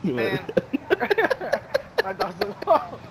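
A man on voice chat giving frantic team callouts in a shooter game, slang and quick laughs. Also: high-pitched, wildly swooping pitch, background noise. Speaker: teammate on voice chat. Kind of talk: excited gaming chat.

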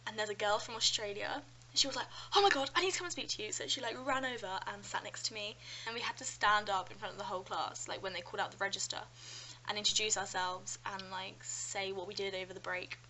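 Young British woman vlogger, bright and chatty, faint background hiss. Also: mid-range voice, fairly quick, low-quality recording. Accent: British English. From London, England. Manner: chatty, animated storytelling with frequent "like" and "um". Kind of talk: casual chat.

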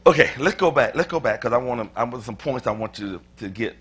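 A male pastor preaching a sermon to his church, moving from quiet scripture reading to fervent shouted declarations, with chatty asides to the congregation. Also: medium pitch, fast. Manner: animated, conversational, with asides to the congregation. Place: church sanctuary.

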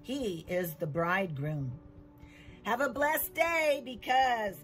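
A woman giving a children's Bible lesson as a church teacher, telling the story with slow emphasis. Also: mid-range voice, big pitch swings, soft background music, rough recording.

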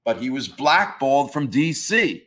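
A man's voice: medium pitch, big pitch swings, measured pace, a bit bright. A man, a comics historian interviewed as a guest, arguing his views emphatically in a ranting tone and swearing casually. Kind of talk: opinionated interview talk.

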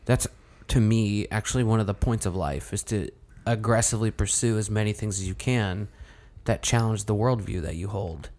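A man's voice: on the low side, moderate pace, few pauses, darkish tone. A man co-hosting a podcast, chatting casually with blunt opinions and jokes. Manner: opinionated, joking. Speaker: podcast co-host. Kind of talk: casual chat.

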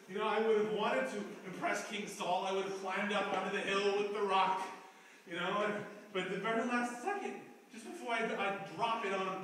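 A man performing a live stage monologue in an art gallery, halting and repeating phrases as he restarts, heard from far off in an echoey room. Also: sits high, bright, forceful tone, a little hiss or hum. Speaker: performance artist.

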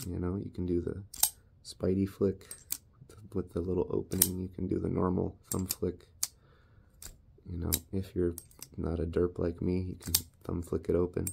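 A man's voice: low-pitched, vocal fry, noisy background. A man casually reviewing his knives in a laid-back, rambling, self-deprecating way. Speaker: knife reviewer.

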